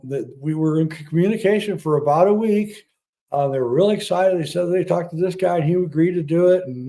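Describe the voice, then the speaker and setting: Dark-voiced man telling a long story. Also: fairly high pitch. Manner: halting, with many fillers and restarts. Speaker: podcast guest. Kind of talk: casual storytelling.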